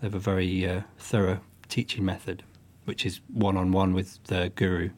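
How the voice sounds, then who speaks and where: A man with a fairly low voice, talking through his music in a relaxed interview. He speaks thoughtfully, circling back and restarting phrases as he explains. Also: normal speed. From northwest England. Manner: thoughtful, with frequent restarts and soft fillers. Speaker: guest musician. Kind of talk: casual interview.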